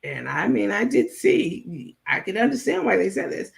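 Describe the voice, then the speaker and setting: A woman holds forth on a casual livestream, blunt and gossipy, stopping to read viewers' comments aloud. Her voice has a gravelly, creaky edge and sits at an ordinary middle pitch. The delivery is loose and unscripted, with frequent fillers. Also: very animated, moderate pace. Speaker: livestream host. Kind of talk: casual commentary reading live chat.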